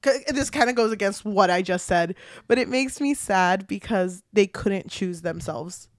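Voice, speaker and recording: A woman's voice: mid-range voice, moderate pace, no echo. Woman on a book podcast, gushing and swearing, dead dry mic, mid voice. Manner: animated retelling with frequent swearing. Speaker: podcast co-host. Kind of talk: casual book chat.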